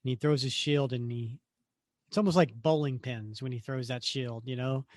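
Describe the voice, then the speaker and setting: A man's voice: medium pitch, fairly even intonation, normal speed, darkish tone, no room sound, clean studio sound. A man co-hosting a podcast, chatting casually about comics, laughing easily. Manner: chatty, laughs easily, reads aloud with mock drama. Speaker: podcast co-host. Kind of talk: casual comic book discussion.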